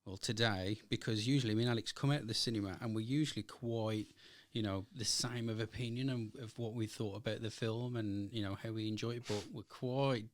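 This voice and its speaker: A man with a fairly low voice co-hosts a casual movie review. He rambles, restarts sentences and leans on ums as he gathers his thoughts. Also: steady tone, fairly quick, hardly any pauses, no room sound. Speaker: film review co-host. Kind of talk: casual film review chat.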